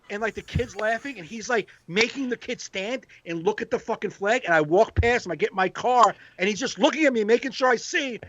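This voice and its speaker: A man, a comedian hosting a podcast, telling a profane, animated story in casual banter. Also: high voice, brisk, few pauses, dry recording, highs cut off. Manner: animated storyteller, profane, acts out quoted voices.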